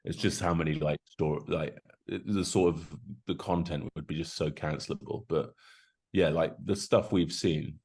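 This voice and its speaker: Deep-voiced man, chatty podcast guest. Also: fairly even intonation, normal speed, a little mellow, slightly rough. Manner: enthusiastic, rambling with fillers. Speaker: guest, rugby prop forward. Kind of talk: casual podcast chat.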